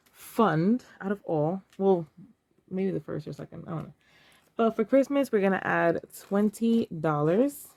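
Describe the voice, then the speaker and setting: A woman's voice: fairly low pitch, a little mellow, no room sound. A woman in her thirties, talking casually and emotionally to camera while counting cash aloud. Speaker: vlogger.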